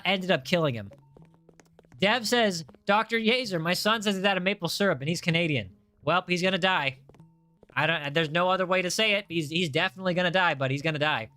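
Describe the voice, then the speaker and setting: High, bright-voiced young male streamer. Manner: excitable, jokey, reads chat aloud, frequent restarts. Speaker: livestream host. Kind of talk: casual game livestream chat.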